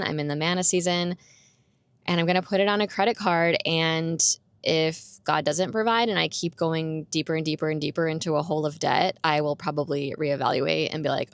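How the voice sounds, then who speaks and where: A woman's voice: low-pitched, clean tone, dry recording. A young adult woman hosting her own podcast, chatting candidly on her own and laughing often. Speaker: podcast host. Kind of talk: casual solo podcast chat. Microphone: roommate's borrowed microphone.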